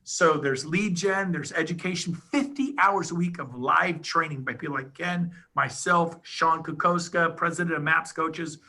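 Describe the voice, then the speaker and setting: Fired-up middle-aged man pitching hard. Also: pushed and bright. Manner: fired-up, rapid, emphatic, salesy. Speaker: podcast guest, real estate agent. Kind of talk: enthusiastic sales pitch.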